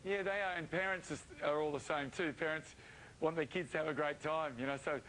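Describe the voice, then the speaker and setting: A man's voice: fairly high pitch, steady tone, brisk, fairly bright tone, a little hiss or hum, rough recording. Cheery man joking on air. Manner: cheerful, jokey, laughs often. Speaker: children's entertainer being interviewed. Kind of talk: live TV cross interview.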